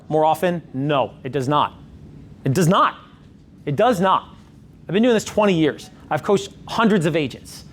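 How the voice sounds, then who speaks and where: Emphatic middle-aged man coaching. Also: high-pitched. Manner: emphatic, repeats points, animated asides. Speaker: sales coach. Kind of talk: coaching session talk.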